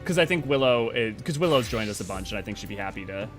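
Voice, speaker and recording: Over music, a man with a lowish, expressive voice talks fast as he hosts a game live stream. He rambles casually with chat while putting a party together.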